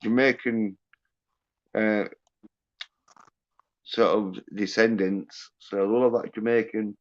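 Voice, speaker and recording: A man from the UK, a guest on a livestream, chatting in a halting, filler-heavy, profane way. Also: fairly low pitch, steady tone. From United Kingdom. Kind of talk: casual chat. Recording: dull lo-fi stream audio.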